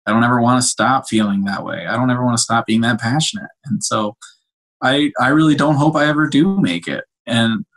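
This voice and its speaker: A young man, a cinematographer, chatting casually on a podcast in an animated, emotional way with many restarts. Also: medium pitch, fairly quick. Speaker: cinematographer guest.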